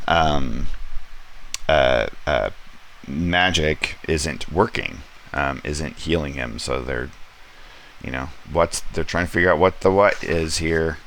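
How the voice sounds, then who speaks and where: Slow, very low-voiced man with gravel; casual comic reviewer, rambling with fillers. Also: a bit bright. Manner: rambling, many ums, quoting characters lightly. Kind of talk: casual comic review, paging through an issue. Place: home studio space.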